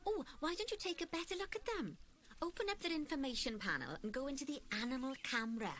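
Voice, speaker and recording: A woman's voice: sits high, lively intonation, quick pace, fairly bright tone, slight background noise. A woman voicing a cheery, jokey zoo guide who leads a game tutorial in a sing-song manner. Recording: faint game music behind.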